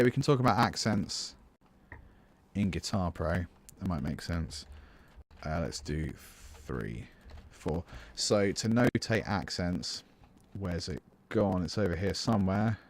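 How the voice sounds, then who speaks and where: A deep-voiced British man speaks slowly yet animatedly while running a live composition tutorial. The music teacher keeps things chatty, voicing his thoughts and replying to viewers in between steps.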